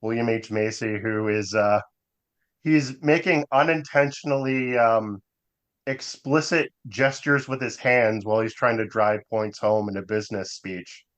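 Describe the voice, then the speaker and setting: A man co-hosting a podcast in casual chat, hesitant with many fillers, slowing down when he turns reflective. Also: fairly low pitch, fairly bright tone. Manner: hesitant, many ums and uhs, drifts into slow reflective stretches. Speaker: podcast co-host.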